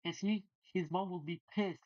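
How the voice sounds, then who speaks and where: A hoarse man streaming live, commentating on competition videos in an excitable way and often restarting his sentences. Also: sits high, normal speed, lo-fi sound.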